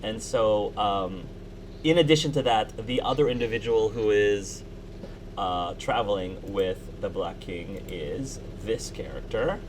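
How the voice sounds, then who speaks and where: A man narrating a tabletop game as game master, pausing and restarting often as he describes the scene. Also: lowish voice, background noise. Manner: halting, with many restarts and fillers.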